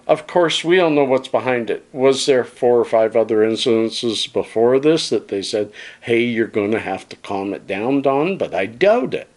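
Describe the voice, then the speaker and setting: A man vlogging, giving his opinions in a folksy, musing way and calling his viewers friends. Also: mid-range voice. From Canada. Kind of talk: casual opinion monologue to camera.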